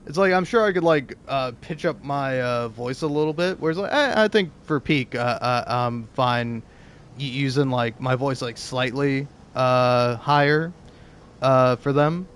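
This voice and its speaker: A man's voice: mid-range voice, measured pace, a bit bright, slight background noise. A young man doing let's play commentary, rambling, self-deprecating and swearing freely. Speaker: streamer playing a narrative game.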